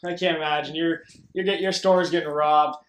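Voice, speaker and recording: A man co-hosting a casual podcast, telling a story with lively acted-out voices in an echoey room. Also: on the high side, brisk, a little hiss or hum. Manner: animated storyteller acting out voices. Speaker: podcast co-host.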